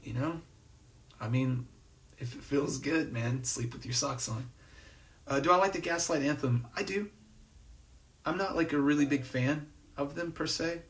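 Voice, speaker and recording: A man's voice: a little high, a little slow, long pauses. Guy chatting on a live stream, reading comments, lots of ums and restarts, mic kinda far off. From New Jersey. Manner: rambling, laid-back, many fillers and restarts. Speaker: host. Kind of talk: casual livestream chat reading comments. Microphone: phone or webcam on a live stream.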